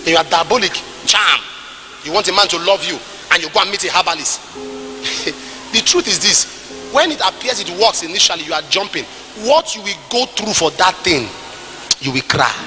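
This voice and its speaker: A man with a Nigerian English accent preaching a sermon at a church service, moving between quiet asides and shouted, sing-song passages. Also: sits high, animated, moderate pace, in a large hall, faint music behind. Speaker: pastor.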